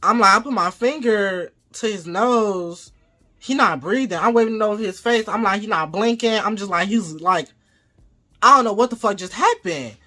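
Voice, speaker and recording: A man vlogging a casual storytime monologue, profane and animated, acting out his own quoted lines as he goes. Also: high-pitched, moderate pace.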